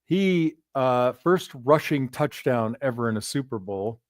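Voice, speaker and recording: Smooth-voiced man telling football stories. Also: mid-range voice, a little slow, no room sound, studio quality. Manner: tells lively anecdotes, often acting out the voices of others. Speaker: podcast co-host and former player. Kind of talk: casual sports podcast chat.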